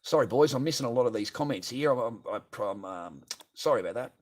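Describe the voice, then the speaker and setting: A man's voice: medium pitch, lively intonation, fairly quick. An Australian man livestreaming, ranting bluntly and profanely as he reads viewer comments aloud and answers them. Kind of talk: ranting live stream chat.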